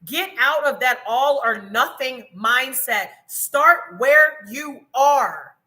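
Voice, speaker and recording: Loud, bright-voiced preachy woman. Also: high voice, lively intonation, slow. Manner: loud, preachy, talks straight to viewers as "y'all". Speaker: travel content creator. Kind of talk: motivational livestream talk. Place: home in Colombia.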